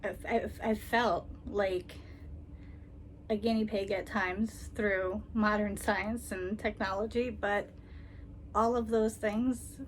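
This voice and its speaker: A woman vlogger talking casually and tenderly, with frequent ums and soft laughs, near tears. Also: mid-range voice, fairly even intonation, takes it slowly, a little hiss or hum. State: emotional, holding back tears. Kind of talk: casual personal vlog.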